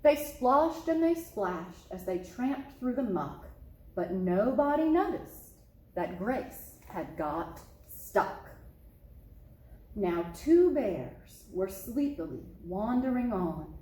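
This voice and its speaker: A woman's voice: medium pitch, slow. A woman, a children's librarian, reading a picture book aloud expressively, recorded in an echoey room. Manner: expressive, storytelling.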